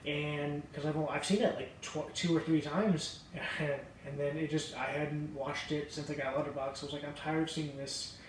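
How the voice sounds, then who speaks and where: A young man talks through his movie haul in a loose, rambling way, swearing often and poking fun at himself. His voice sits a little high and sounds far from the mic. The room is very echoey, with faint noise underneath. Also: flat delivery, moderate pace, hardly any pauses. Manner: rambling, profane, self-deprecating. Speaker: vlogger showing a movie haul. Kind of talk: casual haul chat.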